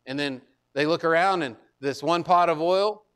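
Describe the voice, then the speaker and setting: A man's voice: fairly high pitch, normal speed, a bit bright, clear, resonant tone. A male pastor preaching a conversational sermon, often repeating words and asking listeners whether they remember. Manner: conversational, repeats words, asks congregation to recall.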